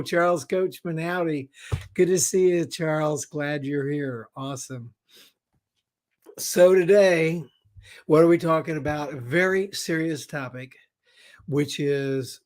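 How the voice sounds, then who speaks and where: Slow-talking, chatty male show host. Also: a little high, a little mellow. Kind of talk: casual live-stream show chat.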